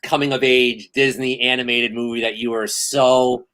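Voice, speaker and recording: A man in his thirties hosting a casual podcast chat, telling stories in an animated, excitable way. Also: mid-range voice, normal speed, rough recording. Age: 30s. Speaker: host.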